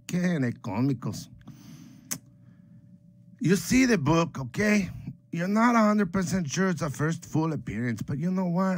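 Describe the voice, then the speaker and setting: A rambling, boastful streetwise homeboy, as a man puts him on, tossing Spanish slang into his English in a comedic character monologue. The voice sits a bit high, and the recording is close and dry with no room sound. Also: no echo. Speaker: comic book collecting vlogger.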